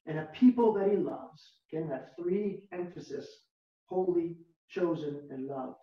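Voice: mid-range voice, mellow. Preacher in a very echoey, distant room. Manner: slow, emphatic preaching with repeated key words and rhetorical questions. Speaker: pastor. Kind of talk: sermon. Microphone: video call, far from the mic. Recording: very echoey, distant, dull lo-fi video call audio.

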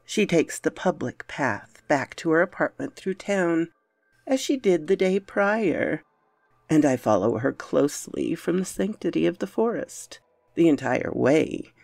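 Gravelly woman narrating horror. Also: low-pitched, lively intonation, unhurried, a little mellow, no echo, soft background music. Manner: dramatic, brooding first-person telling. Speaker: storyteller.

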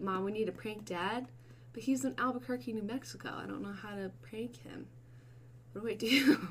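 A woman hosting a casual livestream, chatting with her viewers, swearing and breaking into bursts of excited shouting. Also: medium pitch. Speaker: livestream host.

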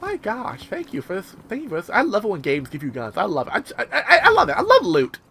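A man giving casual let's-play commentary as he plays, excitable and swearing often with sudden outbursts. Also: high-pitched, quick pace, vocal fry, a little hiss or hum. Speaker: gameplay commentator. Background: game music.

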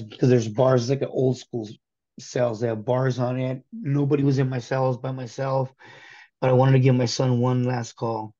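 A man in his thirties from California giving a candid personal testimony, earnest and halting, often restarting his sentences. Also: mid-range voice, mellow, lo-fi sound. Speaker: guest telling his conversion story.

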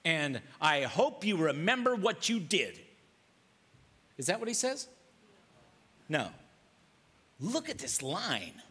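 A man's voice: on the high side, wildly swooping pitch, slow pace, pauses often, fairly bright tone, slightly rough. A male pastor preaching a sermon, acting out quoted lines and firing off rhetorical questions. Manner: dramatic, acts out quoted voices, rhetorical questions.

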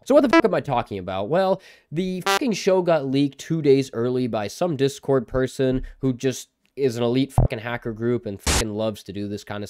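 A man's voice: mid-range voice, darkish tone, dry recording, studio quality. Foul-mouthed sarcastic male reviewer. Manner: swears constantly, sarcastic. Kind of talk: profanity-laden mock rant.

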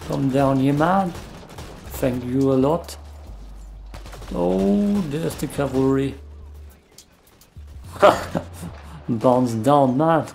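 Brief: unhurried gamer guy, dark gravelly tone, muttering play-by-play, faint background music. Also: mid-range voice, animated. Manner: mumbling, self-deprecating play-by-play. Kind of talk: casual gameplay commentary.

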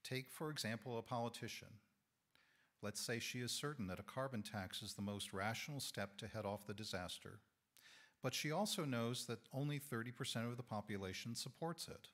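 A man losing his voice offers a sermon as a lay speaker in a church sanctuary. The talk is reflective, his delivery thoughtful and measured with small self-corrections, and his mid-range voice carries some brightness beneath the hoarseness.

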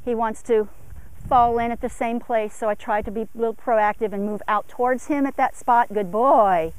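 A woman horse trainer explaining longeing technique between short commands to a horse, her voice rising in pitch for upward gaits. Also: steady tone, normal speed. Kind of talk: instructional demo while longeing a horse. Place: outdoor arena corner.

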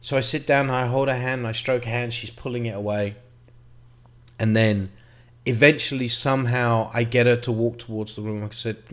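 A middle-aged man speaks in a mid-pitched, everyday voice, recounting a personal memory. He talks in a halting, reflective way, restarting sentences and dropping the odd curse. The delivery stays conversational and unpolished. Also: fairly even intonation, fairly bright tone. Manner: reflective, halting, with frequent restarts and mild swearing. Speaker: vlogger. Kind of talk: personal storytelling to camera.

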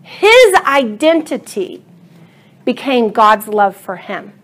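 High, slow-paced woman teaching Bible study. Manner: earnest, animated, rising to emphatic passion.

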